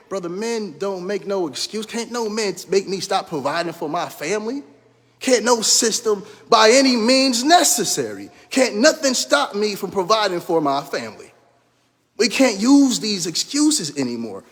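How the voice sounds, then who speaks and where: A man's voice: high voice, very animated, normal speed, slightly rough, big-room sound. A middle-aged man giving an impassioned motivational talk, preaching and repeating his phrases as he calls listeners brother. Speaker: life coach and minister.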